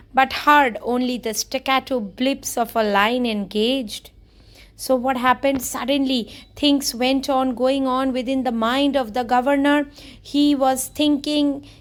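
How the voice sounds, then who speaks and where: A woman teacher who reads a story aloud and then explains each passage in simpler words. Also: sits high. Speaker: English teacher.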